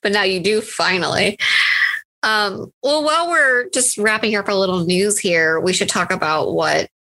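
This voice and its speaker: A woman co-hosting a podcast in casual chat, chatty and giggly, running through pop culture picks with excitement. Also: medium pitch, normal speed. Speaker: podcast co-host.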